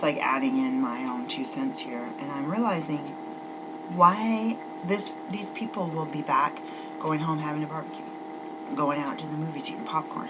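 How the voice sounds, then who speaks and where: Woman, very deep voice, rambling vlog talk, whispery asides, loud hum and noise behind. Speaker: vlogger.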